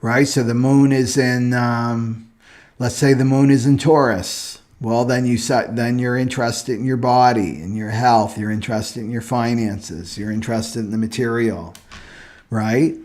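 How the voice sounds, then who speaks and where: A man's voice: medium pitch, fairly even intonation, measured pace, a little mellow. A man hosting a casual livestream on astrology, talking loosely and ending many points with "right?".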